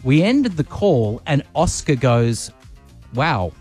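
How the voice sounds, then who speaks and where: Man, Australian accent, thirties, radio host, teasing and sarcastic, middle pitch, faint music underneath. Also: very animated, fairly quick, a little mellow. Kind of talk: casual breakfast radio chat. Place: radio studio. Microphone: studio microphone.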